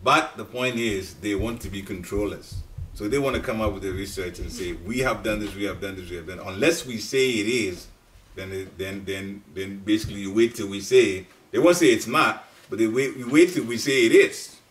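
A middle-aged man giving a devotional class talk in a storytelling way, laughing at times and jumping up in pitch. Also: moderate pace, slight background noise. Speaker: speaker at a devotional study group. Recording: voice picked up from a distance.

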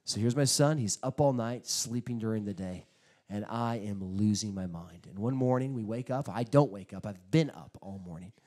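Animated male pastor preaching. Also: on the low side, moderate pace. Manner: animated storytelling with sudden loud bursts; acts out quotes in his stories. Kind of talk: sermon.

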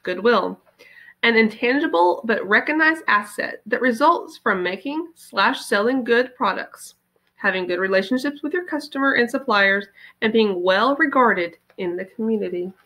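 A woman reading aloud, voicing a sharp, questioning young girl in a storybook. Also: a little high, animated, normal speed. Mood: reciting.

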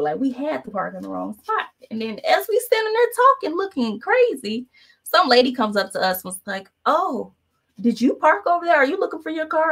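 While she paints, a female painting instructor chats casually and tells a story, animatedly acting out other people's voices. Her voice is fairly low with vocal fry.

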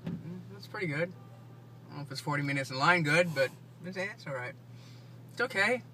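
A man's voice: fairly high pitch, expressive, moderate pace, noisy background. A man casually reviewing food on a vlog, hesitant and offhand, trailing off with fillers and sounding unimpressed.

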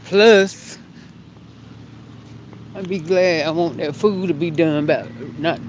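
This vlogger has a lowish voice and an unhurried pace, and there's a little hiss or hum behind her. Animated and talkative, she addresses the camera directly while recording herself indoors at home and later on her porch outside.

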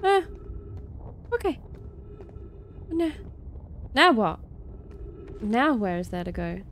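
A woman's voice: a little high, big pitch swings, takes it slowly. A woman playing through a video game, reacting with jumpy exclamations, sudden swearing and talk about being scared. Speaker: let's play host. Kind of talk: gameplay commentary. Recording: game music loud behind voice. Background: game music and sound effects.

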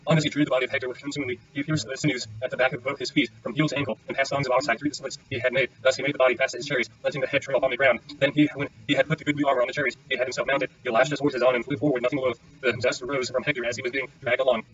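A man reading an epic aloud as an audiobook, in a plain, measured way. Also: mid-range voice, little pitch movement, a bit bright, far from the mic, dull audio. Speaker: reader.

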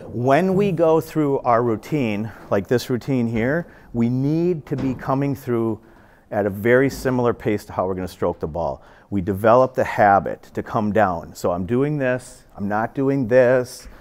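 A man's voice: medium pitch, expressive, moderate pace, darkish tone, slight background noise. A man in his fifties giving a casual, earnest pool lesson, repeating phrases as he demonstrates his stroke. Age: 50s. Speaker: pool instructor. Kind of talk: casual instructional talk. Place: billiard club.

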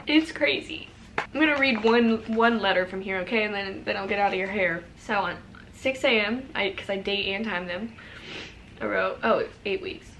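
A woman in her twenties with a slightly high voice talks straight to camera in a casual confessional vlog. She rambles softly and emotionally, leaning on "like" as she searches for words. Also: normal speed, a little hiss or hum. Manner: rambling, heavy use of "like", soft and emotional. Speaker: vlogger.

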